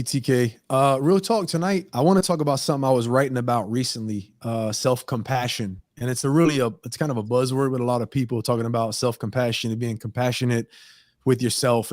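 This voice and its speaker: A man's voice: mid-range voice, dry recording, clean studio sound. A man hosting a talk show segment, speaking in an earnest, emphatic, plain-spoken way about how people talk to themselves.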